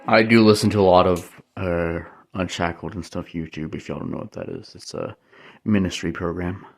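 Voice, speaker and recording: A man's voice: low voice, lively intonation, normal speed, vocal fry. A young man vlogging casually indoors, chatting to his viewers as he goes and speaking through the camera mic. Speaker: hobby vlogger. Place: indoor room lit by disco lights.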